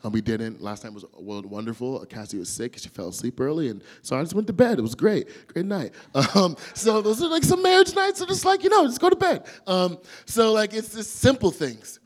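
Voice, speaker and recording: A young man gives a casual sermon to a youth group. His voice sits a bit high and swings widely as he acts out little scenes. He slips into funny voices for the people in his stories. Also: sing-song, a little fast, few pauses. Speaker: youth pastor.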